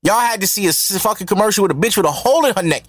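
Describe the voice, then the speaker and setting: Animated, profane man ranting on a podcast. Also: sits high, rapid-fire, no echo, studio quality. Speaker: podcast host. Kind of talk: solo podcast rant.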